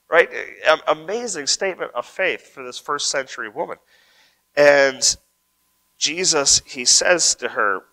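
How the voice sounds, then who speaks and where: A man pastor preaching a sermon in a conversational way. He reads scripture aloud, comments on it, and often adds a quick "right?" to check in with listeners. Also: a little high, pushed and bright, poor audio.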